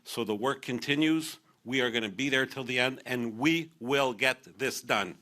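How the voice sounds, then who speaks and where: A man's voice: mid-range voice, normal speed, sharp tone. A man, a government minister, finishing a speech in a firm and reassuring way. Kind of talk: closing remarks of a speech.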